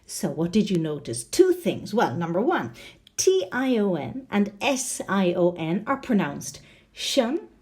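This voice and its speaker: A woman English teacher talks through a video lesson in a mellow, warm tone, her pitch rising and falling freely. She spells out word endings letter by letter and keeps checking in with quick questions. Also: big pitch swings, slightly rough.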